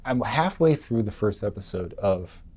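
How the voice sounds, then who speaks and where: A man's voice: fairly low pitch, expressive, darkish tone, slightly rough. A man hosting a podcast, listening closely with short affirmations and asking follow-up questions. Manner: attentive listener, quick affirmations and laughs. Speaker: podcast host. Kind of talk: casual podcast interview.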